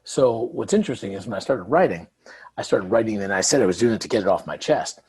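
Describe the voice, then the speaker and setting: He talks fast in a husky, fairly low voice. As the guest author in a conversational interview, he tells lively stories and acts out the dialogue he quotes.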